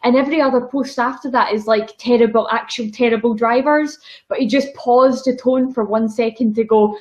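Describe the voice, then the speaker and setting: Scottish lass in her 20s chatting away in an interview, bit high pitched, animated. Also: fast talker, dull audio. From Scotland. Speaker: guest, YouTube vlogger. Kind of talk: casual interview chat.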